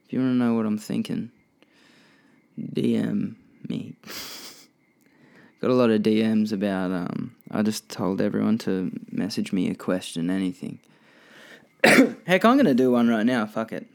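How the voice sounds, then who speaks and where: A man's voice: fairly low pitch, unhurried, vocal fry, pauses often. A young man hosting a casual solo podcast, rambling and swearing freely with many restarts. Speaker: podcast host.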